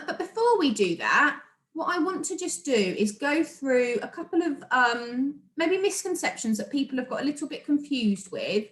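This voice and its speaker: Sounding out words for young children, a British-accented primary school teacher offers warm encouragement in a remote lesson. Her voice is a little high with a fairly bright tone, and the room she records in is echoey.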